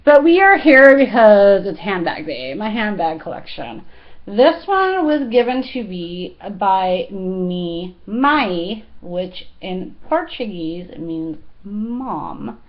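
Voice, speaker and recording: Slow-talking chatty woman in her thirties. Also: medium pitch, very animated, lo-fi sound. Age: 30s. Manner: chatty, giggly, lots of fillers. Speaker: fashion vlogger. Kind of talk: casual chat.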